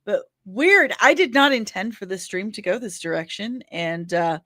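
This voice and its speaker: A woman's voice: medium pitch, expressive, moderate pace, pushed and bright, no echo, clean studio sound. A woman chatting casually and candidly on a livestream, rambling, laughing often and apologizing in asides.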